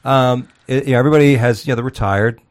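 A man's voice: mid-range voice, quick pace. A man hosting a comedy talk radio show, rambling loosely, swearing and laughing at his own jokes. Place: Florida.

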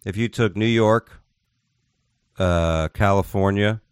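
A man's voice: fairly low pitch, slow pace, smooth, no echo, studio quality. Rambling, jokey man. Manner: rambling, jokey, puts on silly voices. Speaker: podcast co-host. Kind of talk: casual chat.

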